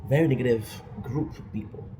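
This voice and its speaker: A native French-speaking vlogger talks candidly into his own self-recorded confessional monologue, often tacking on "right?". His medium-pitched voice moves fairly quickly, with faint noise behind it.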